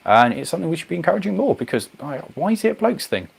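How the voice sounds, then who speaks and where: A man hosting a casual livestream, chatting to viewers in a rambling, animated way. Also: fairly high pitch, racing, gravelly, husky. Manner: rambling, animated, goes off on tangents. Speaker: livestream host. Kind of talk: casual chat reading viewer comments.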